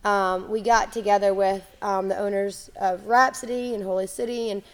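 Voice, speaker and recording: An enthusiastic woman chats as a podcast guest. She runs a gym and talks quickly in bursts, restarting her sentences often. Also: medium pitch, fairly even intonation. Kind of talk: casual podcast interview.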